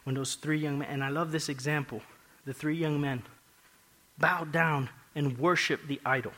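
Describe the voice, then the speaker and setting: A man preaching a sermon, emphatic, repeating phrases and swinging between hushed and loud passages. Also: on the high side, fairly even intonation, normal speed, poor audio.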